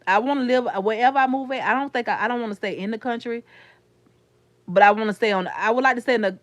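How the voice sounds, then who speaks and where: A fast-talking woman with a higher-pitched voice and a Florida accent chats to her livestream viewers in a dry recording. The Florida YouTuber rambles casually, calling her live chat honey and sugar.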